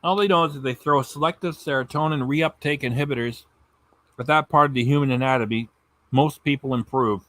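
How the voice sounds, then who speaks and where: A man's voice: medium pitch, a little fast, fairly bright tone, no room sound. Scornful profane man commentating. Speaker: reaction commentator. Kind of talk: mocking reaction commentary.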